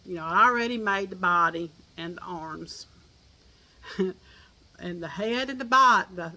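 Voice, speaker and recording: A woman's voice: lowish voice, bright, forceful tone. An older woman with a Southern accent, chatting folksily to her viewers outdoors on a porch and laughing often. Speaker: crochet vlogger. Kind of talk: casual chat to viewers.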